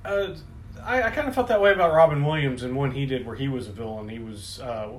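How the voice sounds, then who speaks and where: A man co-hosting a casual podcast, a little tipsy, talking haltingly with restarts, recorded on a phone. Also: mid-range voice, expressive. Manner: halting, many restarts and fillers. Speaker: podcast co-host. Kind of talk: casual chat.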